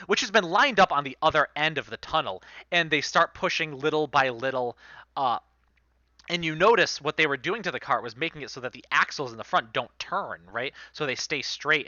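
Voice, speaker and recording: A man narrating as game master in an animated, lively storytelling manner. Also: a little high, dry recording, lo-fi sound.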